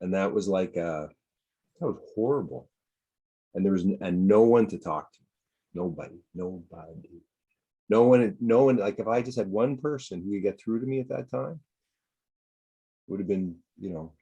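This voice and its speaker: A man sharing in an earnest, halting way, often repeating himself. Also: low voice, warm tone, husky. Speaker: participant. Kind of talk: casual personal sharing.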